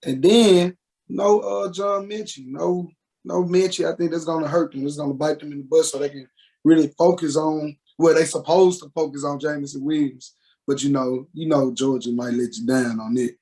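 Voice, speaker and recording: A man co-hosting a casual sports podcast, giving his pick in a relaxed way with some hesitant fillers. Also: a little high, brisk, low-quality recording. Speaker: podcast co-host.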